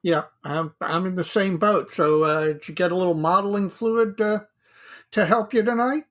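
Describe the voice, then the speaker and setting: A man's voice: sits high, fairly even intonation, normal speed. A man co-hosting a casual hobby podcast, chatting in an easygoing, self-deprecating way. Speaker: podcast co-host.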